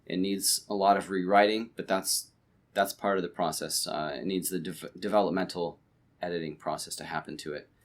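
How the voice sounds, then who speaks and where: A man's voice: low voice, steady tone, brisk. A man co-hosting a podcast at home late at night, chatting casually and rambling with many restarts and fillers. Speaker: podcast co-host. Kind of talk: casual chat.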